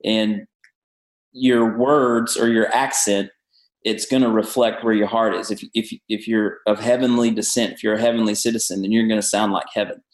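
A pastor with a Southern American accent and a fairly low voice talks through his ideas with an earnest, preaching cadence. He sounds like he is in a room with a noticeable echo around him. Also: level tone, normal speed. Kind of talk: podcast interview. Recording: roomy echo.

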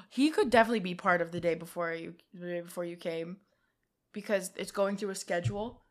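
A woman's voice: medium pitch, moderate pace. A woman co-hosting a podcast in casual, playful chat, often laughing and slipping into bits of song. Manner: giggly, playful, breaks into sung bits. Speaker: podcast co-host.

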